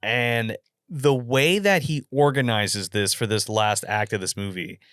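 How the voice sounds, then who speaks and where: Animated, profane film-chat man. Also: lowish voice, measured pace, clean tone, no room sound, studio quality. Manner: animated, profane, retells scenes. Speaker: film podcast co-host. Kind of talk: casual film review chat.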